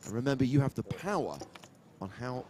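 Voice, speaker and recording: A man with a mid-range voice calls a live poker broadcast, naming each card crisply and moving smoothly into promotional reads. A faint hum sits behind him. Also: medium pitch, animated, brisk, a little mellow. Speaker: poker commentator. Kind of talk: live poker play-by-play commentary.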